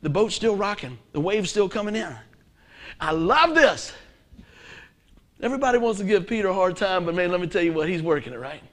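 A man preaching a sermon, asking his listeners questions and swinging from loud, emphatic lines to hushed ones. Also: sits high, lively intonation, a little fast. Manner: emphatic, asks the congregation questions.

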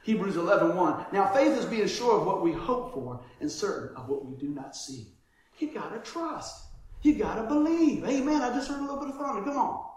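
A man's voice: high voice, brisk. A man preaching a conversational sermon, acting out dialogue from his stories and laughing often. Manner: animated storytelling, acts out dialogue, laughs often. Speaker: pastor. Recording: very echoey room.

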